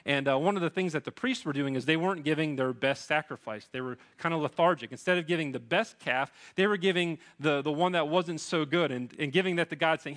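A man's voice: fairly high pitch, fairly quick, few pauses, fairly bright tone. A man in his thirties preaching a sermon as pastor, earnest and pleading, with frequent restarts.

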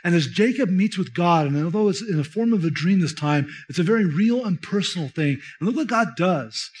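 A man's voice: sits high, lively intonation, fairly quick. A man preaching a sermon, explaining scripture in a conversational, emphatic way and speaking directly to his listeners. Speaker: pastor.

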